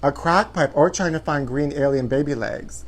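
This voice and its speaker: A man's voice: on the high side, normal speed, gravelly. A man hosting a live show from his apartment, chatty and theatrical, sprinkling "honey" through his campy gossip. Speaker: host.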